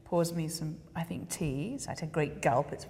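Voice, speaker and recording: An English woman with a slightly low voice tells a story in a casual interview, animated and full of little acted-out quotes. Her words trail off into a long, hall-like reverb. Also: moderate pace, a little hiss or hum. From England. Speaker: documentary filmmaker guest.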